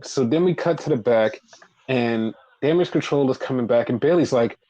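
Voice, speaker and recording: A man casually recapping a wrestling show, talking in an animated, profane way. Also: moderate pace, dull audio. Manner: animated, profane, acts out quotes in high voices. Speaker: podcast co-host.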